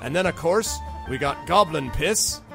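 A man's voice: a little high, expressive, a little slow, creaky, loud music behind the voice, voice pushed up. A man voicing a jovial, boastful male tavern keeper who talks like a salesman and jokes a lot. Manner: hearty, salesman-like, joking.

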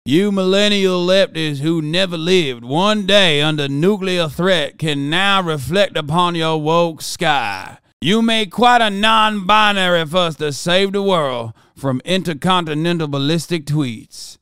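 A man doing an impression of a blustering middle-aged male politician, reading in a slow, overblown, mock-solemn way. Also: fairly high pitch, a bit bright, clear, resonant tone, dry recording, clean studio sound. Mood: mock-grave.

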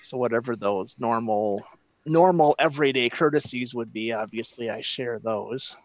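A man's voice: mid-range voice, moderate pace, no echo, lo-fi sound. A man playing in a tabletop game, explaining his character's actions casually with frequent fillers. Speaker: player.

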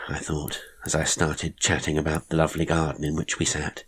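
A man narrating an old ghost story in a measured, reflective way. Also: very deep voice, fairly even intonation, breathy edge. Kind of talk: audiobook narration.

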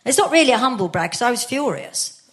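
A woman's voice: on the high side, big pitch swings, fast. An older woman chatting as a guest, telling self-mocking stories with frequent laughter. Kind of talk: casual chat.

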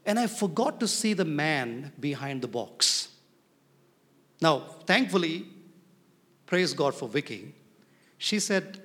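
A man preaching a sermon as pastor, animated and often asking his congregation questions. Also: on the high side, takes it slowly, long pauses. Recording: reverberant hall.

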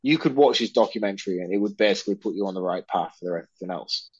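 A man's voice: low voice, very fast, husky, dry recording, highs cut off. A man co-hosting a podcast in casual chat, telling rambling, self-mocking stories. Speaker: podcast co-host.

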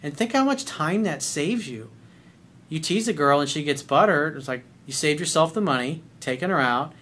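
Profane middle-aged male dating coach, blunt and animated, fairly high voice. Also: normal speed. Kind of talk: advice monologue.

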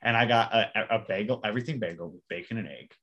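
A man's voice: fairly low pitch, fast talker, dull audio. A man co-hosting a podcast in casual chat, telling a rambling everyday story with some swearing. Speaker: podcast co-host.

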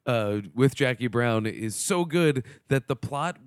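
Man, podcast host, casual movie talk, animated, middle pitch, dry close sound. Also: measured pace, clear, resonant tone, no echo. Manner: animated, laughs often, does voices.

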